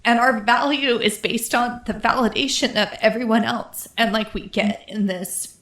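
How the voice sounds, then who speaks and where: A woman's voice: fairly high pitch, fairly even intonation, moderate pace, a bit bright. Teary woman on a podcast, echoey room. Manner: emotional, fills speech with "like". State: teary, close to crying. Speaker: podcast co-host. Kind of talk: casual podcast conversation.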